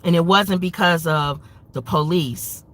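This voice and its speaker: A woman's voice: lowish voice, measured pace. A woman hosting a commentary show, speaking in an impassioned, angry, emphatic rant. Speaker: show host.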